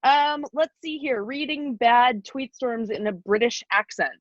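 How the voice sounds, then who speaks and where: A young adult woman chatting casually on a podcast, pitching ideas and laughing often. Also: measured pace, no room sound, highs cut off.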